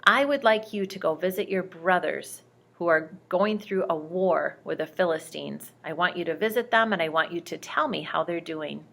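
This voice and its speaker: A woman's voice: lowish voice, normal speed, creaky, fairly bright tone. A woman voicing a caring father in a spoken bible storybook, giving plain instructions. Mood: instructing. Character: David's father, a caring shepherd dad.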